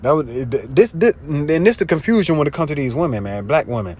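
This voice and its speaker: A man preaching informally, slangy and profane, often asking if you see what he's saying, and reading scripture louder. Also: animated, fast talker, few pauses. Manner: louder and higher when reading scripture aloud. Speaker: street preacher. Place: in a car. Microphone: phone.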